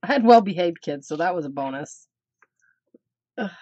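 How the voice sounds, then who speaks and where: A woman's voice: on the low side, animated, normal speed, dark tone, no room sound, lo-fi sound. A middle-aged woman chatting on a casual craft live stream, teasing her dog and laughing often. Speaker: craft channel host.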